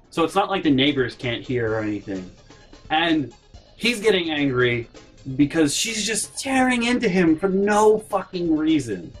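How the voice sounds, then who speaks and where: A man's voice: fairly high pitch, a bit bright, slightly rough. A young man telling a personal story in a casual vlog, exasperated and profane.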